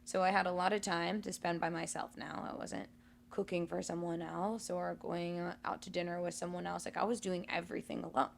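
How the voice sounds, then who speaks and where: A woman co-hosting a conversational podcast, reflecting candidly on her past in a relaxed, storytelling way. Her voice sits a little low and crackles with gravelly fry. She talks easily, with small fillers along the way. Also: fairly quick. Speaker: podcast co-host.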